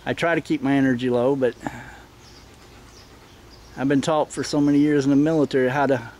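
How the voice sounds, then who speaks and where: Recording himself outdoors in his backyard with a handheld camera mic, a middle-aged man explains things plainly while working with his dogs. His medium-pitched voice stays steady and brisk, firm in its commands, until he barks sudden sharp shouts at them.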